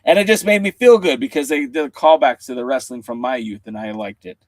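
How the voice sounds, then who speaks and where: This podcast co-host joins by video call for a relaxed conversation, wandering through his points with plenty of fillers and false starts. He talks briskly in a mid-range voice, with no echo.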